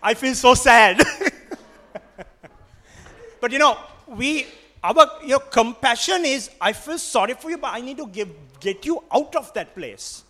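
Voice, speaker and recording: A man with a Sri Lankan accent delivers a sermon in a notably high voice for a man. He presses his points hard and repeats them, slipping into Sinhala now and then. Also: expressive, moderate pace, pushed and bright. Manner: emphatic and repetitive, switching between English and Sinhala. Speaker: preacher.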